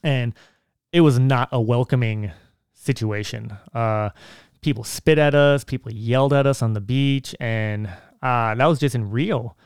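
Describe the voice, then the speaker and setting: A man of middle pitch with a smooth, resonant voice rambles through personal stories, restarting sentences and giving earnest advice. The recording is dry and close, with no room echo. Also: a little slow, darkish tone. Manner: rambling, with frequent restarts and filler words. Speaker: vlogger. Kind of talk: casual personal storytelling.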